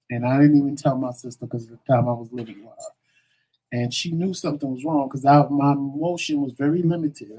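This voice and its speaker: A man on a talk show telling his own story in a casual, animated way, acting out the voices of the people he quotes. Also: medium pitch, low-quality recording.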